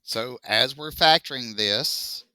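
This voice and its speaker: A man's voice: mid-range voice, slow, sharp tone, dry recording. Joking man teaching a math class. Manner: joking, talks back to students.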